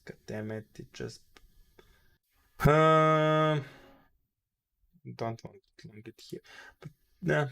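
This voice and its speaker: Slow-talking man cursing at charts. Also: on the high side, vocal fry, clean tone. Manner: mutters and curses at the charts, sudden loud outbursts. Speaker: livestream day trader host. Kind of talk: casual live-stream commentary.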